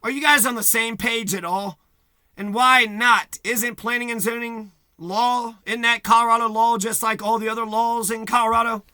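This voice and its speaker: A man's voice: very high-pitched, steady tone, moderate pace, bright, forceful tone, clean tone, no echo. A man delivering a profane, agitated rant to camera, repeating himself and swearing heavily. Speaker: vlogger.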